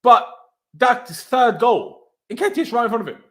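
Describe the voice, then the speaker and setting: A young man hosting a heated football reaction chat, his high voice leaping all over the place as he rants. He swears, fires off rhetorical questions and sounds thoroughly exasperated. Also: big pitch swings, a little slow. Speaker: fan channel host.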